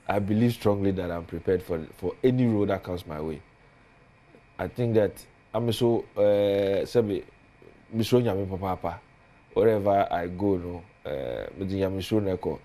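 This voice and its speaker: A man's voice: sits low, moderate pace, warm tone. A man with a Ghanaian accent, a politician guest on a studio talk show, speaking earnestly and building emphasis as he lists points.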